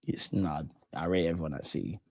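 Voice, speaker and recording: A man's voice: low-pitched, a little fast, creaky, dry recording, studio quality. Banter-heavy young man streaming. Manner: excitable, banter-heavy, trash-talking. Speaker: streamer hosting a football watch-along. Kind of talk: casual live commentary, chatting with viewers.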